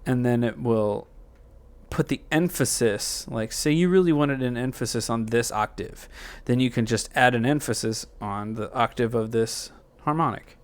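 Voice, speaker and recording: A man hosting a music software tutorial, thinking aloud in a loose, rambling way with plenty of fillers and self-corrections. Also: medium pitch, moderate pace, clear, resonant tone.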